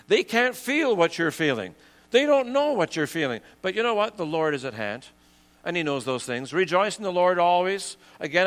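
A man preaching a sermon while he has a cold, chatting to the congregation and slowing down to read scripture. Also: sits high, a bit bright, smooth, in a large hall. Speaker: pastor.

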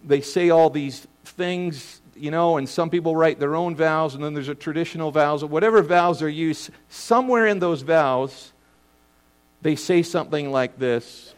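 A middle-aged pastor delivers a sermon in an earnest way, tripping over the first words of his phrases and slowing down to lean on key lines. His voice sits a little high for a man. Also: clean tone. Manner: earnest, repeats words when starting phrases, slows for emphasis.

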